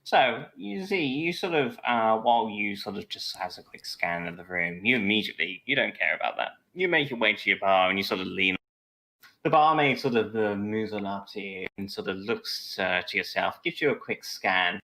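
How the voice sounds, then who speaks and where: A man's voice: lowish voice, expressive, normal speed, vocal fry, sharp tone. A man narrating a tabletop game as game master, hesitant and full of fillers. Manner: hesitant, many fillers and "sort of".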